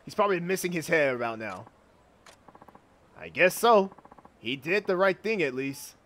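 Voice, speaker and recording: A man's voice: a little high, very animated, normal speed, fairly bright tone. Easygoing townsman, as a man reads him.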